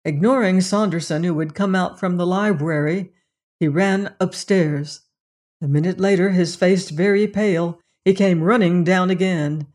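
A narrator reading a classic mystery novel aloud in measured, dramatic storytelling. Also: mid-range voice, darkish tone. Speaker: audiobook narrator. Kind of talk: scripted narration.

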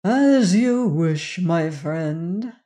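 A courtly Cossack general, as a reader puts him on, suave and quietly menacing. He draws each phrase out slowly and with relish, in a very leisurely audiobook delivery. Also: medium pitch, lively intonation. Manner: courtly, unhurried, drawn-out phrasing. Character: suave menacing aristocratic Cossack general, middle-aged man. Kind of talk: audiobook character reading.

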